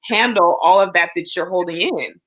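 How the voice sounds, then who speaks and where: A woman's voice: on the low side, normal speed, fairly bright tone, rough recording. A woman in a casual, supportive chat, talking earnestly and at length to reassure a friend.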